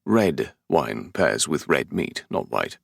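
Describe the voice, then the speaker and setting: Super deep husky english guy from london, sardonic audiobook narration, lively ups and downs. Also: takes it slowly, dry recording. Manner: dry, sardonic, exasperated. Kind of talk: first-person audiobook narration. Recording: dry close studio sound.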